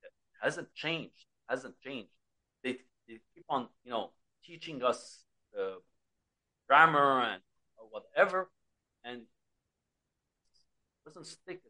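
A man from Egypt with an Egyptian accent hosting a relaxed conversation, often restarting and repeating words as he talks. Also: mid-range voice. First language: Arabic. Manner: halting, repeats words and stacks fillers. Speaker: podcast host and trainer. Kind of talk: casual conversation.

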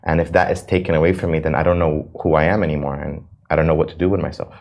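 A young man from the United States speaks in a very low voice. He answers interview questions earnestly and with emotion, often stumbling over and repeating words. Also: steady tone, very fast, gravelly, darkish tone. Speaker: reality show cast member, guest.

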